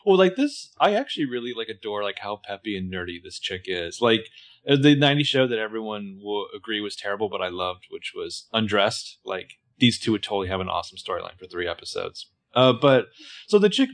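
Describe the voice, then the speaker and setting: A man's voice: lowish voice, big pitch swings, a little fast, fairly bright tone. A man co-hosting a podcast, chatting casually as he recaps a TV episode and acts out bits of dialogue. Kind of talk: casual chat.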